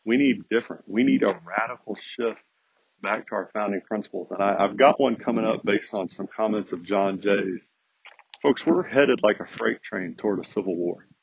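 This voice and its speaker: Husky earnest man podcasting. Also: on the low side, moderate pace, dry recording, lo-fi sound. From United States. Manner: preachy, earnest, addresses listeners as folks. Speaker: podcast host. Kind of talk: conservative opinion podcast monologue.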